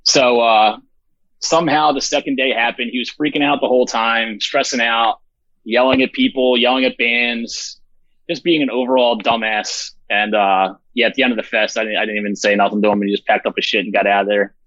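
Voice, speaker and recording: A man's voice: medium pitch, steady tone, fairly quick, fairly bright tone, no room sound, dull audio. A man who organizes a festival, talking bluntly and with lots of swearing in a rambling, casual interview. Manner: profane, blunt, rambling with fillers.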